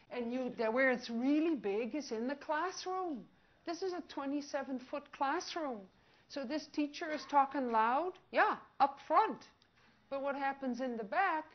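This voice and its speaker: A woman giving a lively public presentation on hearing. She asks the audience questions and acts out short scenes. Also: a little high. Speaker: audiologist giving a public talk. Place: outdoor picnic gathering. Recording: dull lo-fi recording.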